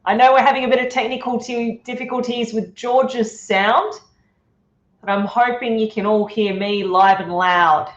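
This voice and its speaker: A woman's voice: a little high, fairly even intonation, moderate pace. A woman co-hosting a live stream, chatty and cheerful as she greets viewers. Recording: echoey, dull live stream audio.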